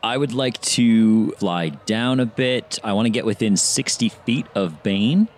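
Low-voiced guy in a tabletop game, calm and deliberate, a bit of noise behind him. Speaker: player. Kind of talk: describing his character's actions.

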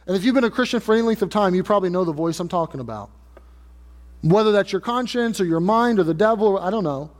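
Man, pastor, high voice, earnest emphatic sermon, church hall reverb. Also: expressive, fast talker. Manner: earnest preaching, rising emphatic repetition. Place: church sanctuary.

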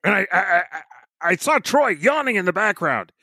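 A man's voice: sits high, very animated, moderate pace, pushed and bright, breathy edge, dry recording, studio quality, voice pushed up, full character voice. A man putting on the voice of a stingy, cranky old male boss who barks orders and squawks like a bird. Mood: cranky bossy. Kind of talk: comedic impression in casual chat.

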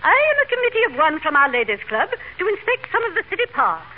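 A woman's voice: very high-pitched, sing-song, quick pace, narrow, tinny audio. An actress playing a prim, genteel society lady in 1940s radio comedy, gushing and flustered. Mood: fluttery. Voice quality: affected, genteel. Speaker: society club lady visitor. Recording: scratchy 1940s radio broadcast, hissy.

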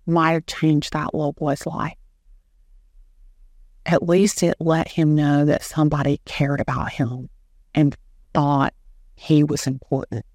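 A middle-aged woman, an animated storyteller who acts out the dialogue she quotes. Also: sits low, dry recording, studio quality. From Southern US. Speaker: guest, real estate agent. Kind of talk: storytelling in an interview.

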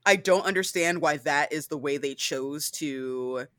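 A woman in a casual chat, co-hosting a podcast that reviews a TV adaptation, talking in an animated way, swearing freely and leaning on "like" and "right?". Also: low voice, measured pace, no room sound, clean studio sound. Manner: animated, profane, frequent "like" and "right?". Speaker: podcast co-host.

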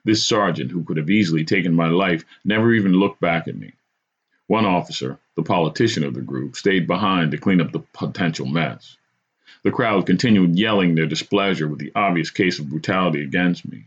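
A man's voice: low voice, a little fast, husky. A man hosting a podcast, telling a true story from his own life in a dramatic first-person style. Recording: dull lo-fi recording.

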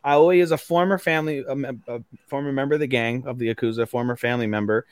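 A man's voice: mid-range voice, steady tone, quick pace, clean tone, no echo, studio quality. A young man co-hosting a podcast in casual chat, retelling anime scenes and repeating himself for emphasis. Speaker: podcast co-host.

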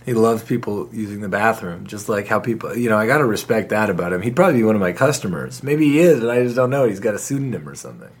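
Husky comedian guy, deadpan jokes, voice swings up and down a lot. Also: on the low side, quick pace, hardly any pauses. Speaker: comedian guest. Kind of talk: casual podcast banter.

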